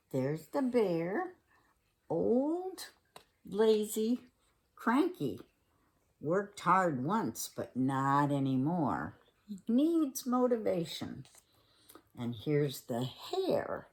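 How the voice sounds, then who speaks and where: An older woman reading a picture book aloud to children, playful and expressive with chatty asides. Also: lowish voice. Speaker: children's story reader.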